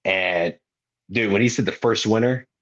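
Animated young man telling a story. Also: on the low side. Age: 20s. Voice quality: animated, acts out other people's lines in quick bursts. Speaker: guest wrestler. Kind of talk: casual podcast storytelling. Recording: muffled lo-fi recording.

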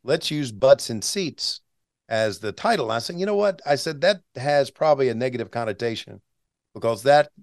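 A man's mid-range voice, at a moderate pace, comes through in studio quality with no echo. He's a veteran announcer in his sixties, a guest in a casual interview, telling stories with restarts and chuckles.

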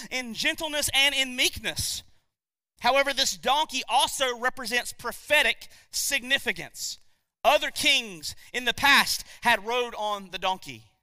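A man preaches with a very high, sharp, bright voice, recorded close and dry. He is emphatic, repeats his key lines and asks the congregation questions. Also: clear, resonant tone, dry recording. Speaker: pastor. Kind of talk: sermon.

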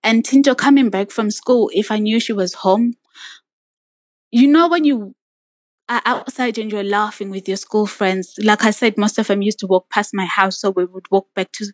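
A woman's voice: mid-range voice, moderate pace, no echo. A woman on a podcast telling a personal story in casual conversation, earnest and reflective, acting out what others said. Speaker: podcast co-host sharing her story.

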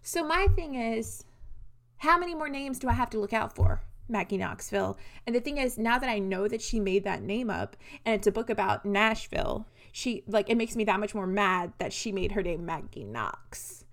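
A young woman co-hosting a casual book-club podcast who rants in an animated way and swears freely. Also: mid-range voice, moderate pace. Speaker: podcast co-host.

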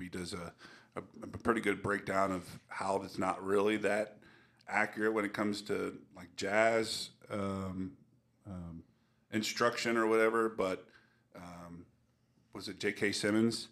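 A young man with a fairly low voice talks casually on a podcast with a friend. He rambles along and lets his sentences trail off softly. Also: level tone, normal speed. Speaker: podcast co-host. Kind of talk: casual chat.

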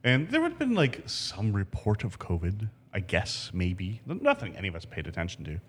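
A male chef tells his story on a casual podcast in a relaxed, rambling way, full of fillers. His voice sits low. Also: a little fast, breathy edge. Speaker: chef, guest.

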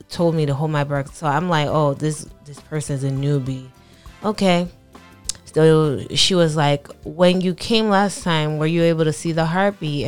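A young woman co-hosting a podcast, telling a personal story in a halting, soft-spoken way, with many pauses and fillers, raw with emotion. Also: low-pitched, clean tone. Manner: tender, emotionally raw recounting. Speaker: podcast co-host.

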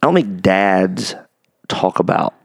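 A man's voice: low voice, lively intonation, takes it slowly, gravelly, no room sound, studio quality. A man hosting a podcast about fatherhood, talking earnestly in a rambling, casual way and often asking if it makes sense. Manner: earnest, rambling, asks for agreement. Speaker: podcast host.

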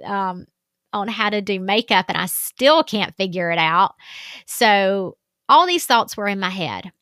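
A woman's voice: medium pitch, measured pace, a bit bright, smooth, dry recording, studio quality. A woman in her forties with a Southern US accent, a life coach talking candidly and self-deprecatingly to viewers, with plenty of fillers. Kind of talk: casual talk to camera.

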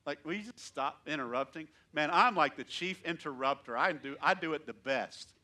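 A male pastor preaching in a church, his voice bright and fairly high for a man. He is animated, pushing hard on key lines and then dropping to soft asides. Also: moderate pace. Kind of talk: sermon.

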